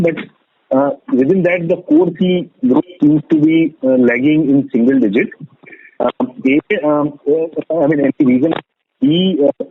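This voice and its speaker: Husky man on a phone line. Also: mid-range voice, no echo. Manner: hesitant, many fillers. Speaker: analyst asking questions. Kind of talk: earnings call questions.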